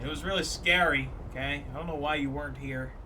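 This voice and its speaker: A man's voice: on the high side, steady tone, fast, pushed and bright, slight background noise. A man casually commentating a game on a live stream, joking and teasing a viewer.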